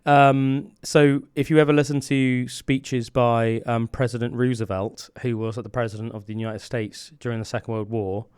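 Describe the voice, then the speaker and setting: A man's voice: medium pitch, steady tone, normal speed, hardly any pauses, darkish tone, clean tone, no echo, studio quality. A man co-hosting a podcast in casual chat, rambling with many fillers and restarts. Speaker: podcast co-host.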